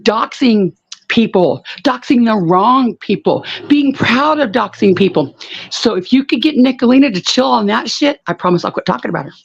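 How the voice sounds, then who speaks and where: A woman's voice: on the high side, animated, normal speed, gravelly, breathy edge, muffled recording. A woman ranting bluntly on a live online panel, cursing and repeating herself for emphasis. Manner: blunt, profane, repetitive. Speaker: panel guest. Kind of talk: heated live panel rant.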